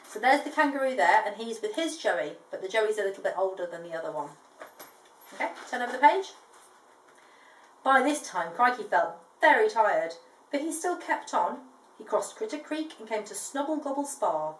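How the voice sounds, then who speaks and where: Aunt reading a kids' book, gentle and chatty, fairly high voice, echoey room. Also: female voice, sing-song, moderate pace, slight background noise. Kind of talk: bedtime story reading to a child. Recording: echoey room, distant mic.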